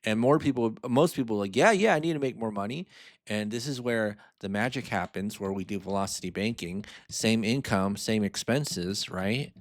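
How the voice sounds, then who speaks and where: A man's voice: lowish voice, moderate pace, dry recording, clean studio sound. A man hosting a personal finance channel, talking casually with lots of asides while he walks through a spreadsheet. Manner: chatty and informal, lots of fillers and asides. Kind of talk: casual explainer.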